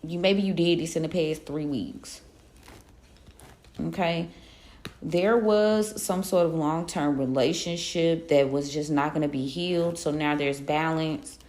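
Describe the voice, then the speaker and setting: Lady doing a chill tarot reading, low gravelly voice, slangy pep talk, echoey room. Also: measured pace, darkish tone. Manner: loose, slangy pep-talk delivery with frequent laughs. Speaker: tarot reader. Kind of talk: casual collective tarot reading.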